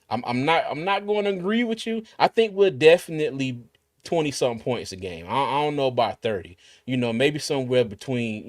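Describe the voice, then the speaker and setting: A man's voice: mid-range voice, dry recording, studio quality. A man hosting a casual livestream, chatting and reading viewer comments aloud with frequent restarts. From Carolinas, US. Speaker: livestream host.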